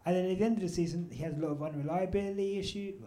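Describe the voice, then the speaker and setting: A man co-hosting a live podcast at an event with an audience, talking loudly with lots of swearing and laughter. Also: sits high, very fast. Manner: loud, swearing, laughing banter. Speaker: podcast co-host.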